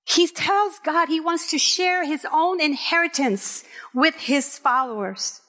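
A middle-aged woman pastor from Puerto Rico, preaching a candid sermon with personal stories and emphatic, drawn-out phrases. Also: high voice, sharp tone. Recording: reverberant hall.

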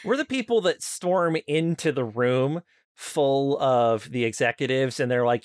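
A man's voice: mid-range voice, a little slow, clear, resonant tone, no room sound. Playful guy tossing out bits on a podcast, dry mic, plain mid voice. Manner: playful, riffing. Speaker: podcast co-host. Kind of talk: casual comedic chat.

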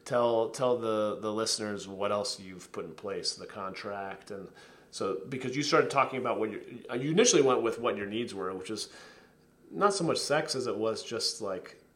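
A man's voice: lowish voice, normal speed, a bit bright. A man hosting a casual podcast interview, affirming his guest with many mm-hmms and chuckles. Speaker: podcast host.

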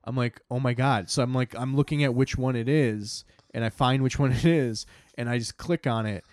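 A man's voice: medium pitch, normal speed, a little mellow, no room sound. A young man, a podcast host, tells a story in casual chat, swearing often and acting out his own reactions.

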